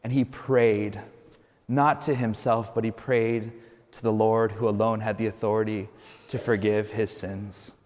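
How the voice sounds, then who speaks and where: A man, a Catholic priest, preaching a homily in a relaxed, storytelling way, often adding "you know". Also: on the low side, a little slow, long reverb tail.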